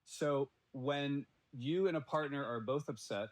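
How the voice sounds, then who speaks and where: Male podcast host, mid-pitched, steady and measured, dry close sound. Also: no echo. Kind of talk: casual podcast conversation.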